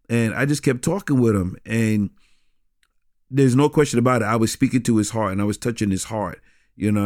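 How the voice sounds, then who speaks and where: A middle-aged man telling stories from his years in street ministry, animated, with many restarts. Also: medium pitch, no echo, studio quality. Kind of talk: conversational storytelling.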